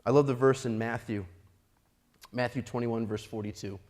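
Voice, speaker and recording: A young male pastor preaching a sermon, earnest and repetitive, dropping into soft prayerful passages. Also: medium pitch, fairly even intonation, moderate pace.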